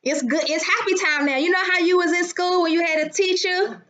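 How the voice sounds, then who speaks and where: Brash high-voiced woman live-streaming. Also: fairly even intonation, a little fast, fairly bright tone, a little hiss or hum. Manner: brash, profane, greets viewers by name. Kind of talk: casual live-stream chat. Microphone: phone.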